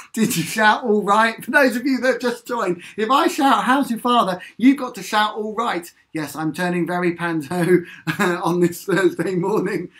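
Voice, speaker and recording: A man's voice: high voice, moderate pace, fairly bright tone. Upbeat man leading a sing-along. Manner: upbeat and chatty, reads out viewer comments, counts in beats. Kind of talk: chatty live-stream singing lesson.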